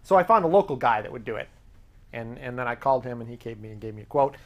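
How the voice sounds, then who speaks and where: Animated male host telling a story. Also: medium pitch, fast. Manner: animated, self-amused storytelling with quoted back-and-forth. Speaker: podcast host. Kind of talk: casual anecdotal monologue.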